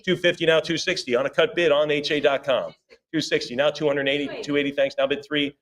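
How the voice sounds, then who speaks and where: A man's voice: a little high, steady tone. A man working as auctioneer at a live sale, rattling off rising bids in a rhythmic chant and breaking off for chatty asides. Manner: rapid rhythmic bid calling with chatty asides.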